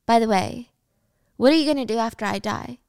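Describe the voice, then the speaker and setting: Brief: woman narrator doing a composed teen girl, calm and level, smooth dry voice. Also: fairly high pitch, a little fast, dry recording, lightly acted. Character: calm, fearless teenage girl.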